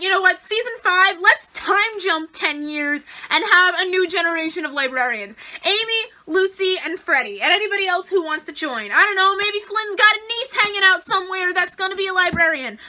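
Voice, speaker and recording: Woman fan vlogger, very high and piercingly bright voice, gushing, excitable. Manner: gushing and emotional; excitable, rambling. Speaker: TV episode reviewer. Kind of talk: casual fan review vlog.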